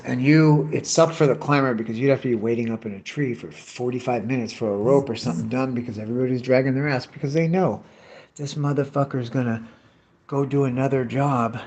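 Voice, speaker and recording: With a slight hiss or hum behind him, a medium-pitched middle-aged man chats loosely and curses freely. The bottle-cutting vlogger, a tree care worker, tells ranting stories about old bosses and the crews he's worked with.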